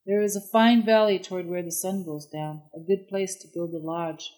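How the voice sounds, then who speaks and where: A storyteller voicing a wise, kindly male eagle who speaks calmly and reassuringly in a storybook tale. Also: medium pitch, normal speed, natural voice, rough recording. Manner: calm, gentle and reassuring. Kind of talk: storybook narration.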